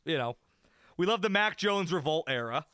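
A man's voice: a little high, expressive, normal speed, bright, forceful tone, clean tone, dry recording, studio quality. A man co-hosting a sports podcast, ranting in a rambling, self-mocking way. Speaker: podcast co-host. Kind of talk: casual sports talk.

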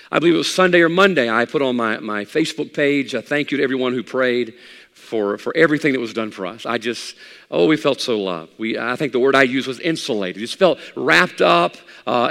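A male pastor preaching a sermon, swinging between loud, high exhortation and quiet, low asides to his congregation. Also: vocal fry, big-room sound.

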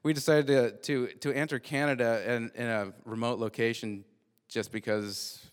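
A man tells a story in a loose, lively way, stumbling over and repeating words as he goes. His voice sits at an ordinary middle pitch. The sound carries a long reverb, as in a hall. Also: moderate pace, smooth. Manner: animated, repeats and restarts words often. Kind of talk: live casual storytelling.

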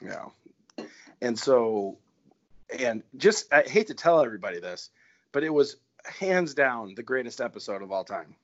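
A man's voice: mid-range voice, big pitch swings, moderate pace, fairly bright tone. A male podcast host chatting casually and laughing, rambling with enthusiasm. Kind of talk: casual chat. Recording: dull lo-fi recording.

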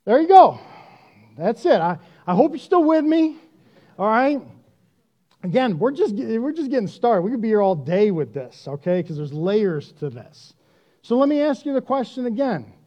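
A man preaching a sermon in a conversational, self-deprecating and animated way. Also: sits high, normal speed, muffled recording. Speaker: pastor.

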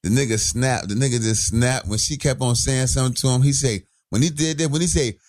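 A man co-hosting a podcast, chiming into the story in relaxed, profane casual chat. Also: mid-range voice, brisk. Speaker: podcast co-host.

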